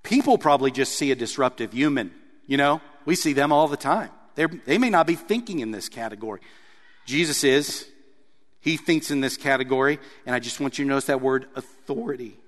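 A man preaching a sermon, reading scripture aloud and explaining it with animated emphasis. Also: medium pitch, brisk, in a large hall. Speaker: pastor.

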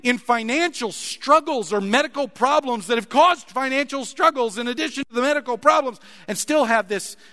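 Male pastor, high bright voice, emphatic sermon delivery, reverberant sanctuary. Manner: emphatic preaching with dramatic pauses, rising to loud passionate peaks.

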